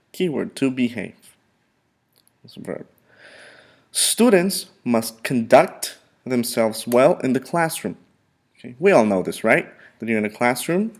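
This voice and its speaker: Male teacher, mid-pitched, drills vocabulary step by step for students. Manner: slow, repetitive drilling with frequent "okay". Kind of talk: vocabulary lesson.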